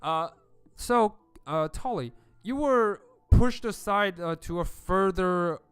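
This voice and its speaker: A man's voice: high voice, animated, slow pace, fairly bright tone, clear, resonant tone, dry recording, faint music behind. A man narrating a tabletop game as game master, hesitant with many fillers.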